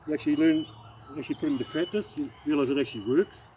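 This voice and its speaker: A middle-aged Australian man telling a rambling anecdote as a martial arts instructor, halting and restarting as he demonstrates the moves. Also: fairly high pitch, warm tone, slight background noise, poor audio. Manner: rambling, halting storyteller who demonstrates moves while talking. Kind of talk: casual spoken anecdote with demonstration.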